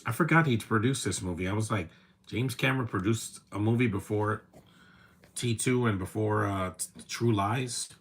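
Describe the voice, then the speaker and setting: A man in his thirties talks over a movie in a relaxed, casual way. His voice sits a little low, and he rambles with opinions, fillers and restarts. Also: normal speed. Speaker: movie commentator. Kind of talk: casual live watch-along commentary.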